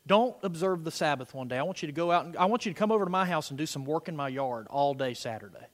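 A middle-aged man preaching a sermon, swinging between soft, murmured prayer lines and loud, emphatic declarations. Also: fairly high pitch, animated, quick pace. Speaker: pastor. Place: church sanctuary. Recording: long hall reverb.

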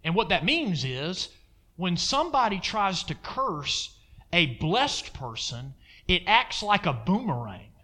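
A male preacher delivers a sermon with a high, lively voice that swoops up and down. His tone is bright and forceful. He punctuates his points with emphatic calls to the congregation. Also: slow. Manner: emphatic, call-and-response asides to the congregation.

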